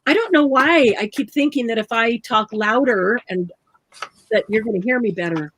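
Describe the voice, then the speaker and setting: A woman's voice: on the high side, moderate pace, fairly bright tone, breathy edge, no room sound, rough recording. A woman hosting a live craft tutorial, chatting and explaining each step aloud while she works. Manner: chatty, laughs often, explains steps aloud.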